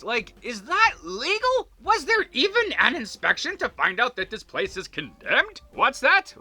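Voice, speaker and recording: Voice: mid-range voice, sharp tone. A host narrating a cartoon episode recap in a casual, jokey way, full of sarcastic asides and laughter.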